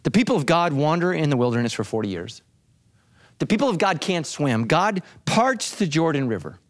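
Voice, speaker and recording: A man preaching to his congregation with dramatic emphasis. His voice sits a bit high and swings widely in pitch, climbing and dropping as he drives each point home. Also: sing-song, moderate pace, long pauses. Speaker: pastor. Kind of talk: sermon.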